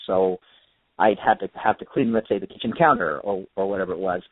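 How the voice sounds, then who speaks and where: A Californian man with a low voice speaks briskly and earnestly, telling his life story as a guest on a radio interview. The recording comes through a tinny, dry phone line.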